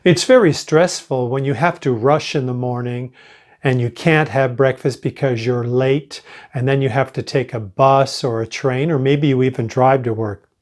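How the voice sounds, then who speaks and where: An older man teaching an English lesson, reading example sentences slowly and clearly for students to repeat. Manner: slow and clearly enunciated, with lively pitch. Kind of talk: slow pronunciation lesson.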